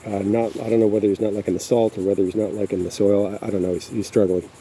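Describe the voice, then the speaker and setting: A man's voice: lowish voice, flat delivery, quick pace, mellow, rough recording. A man giving a casual, rambling tour of his backyard garden outdoors, hesitating often with fillers. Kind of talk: casual walking tour narration. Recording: faint outdoor insect noise.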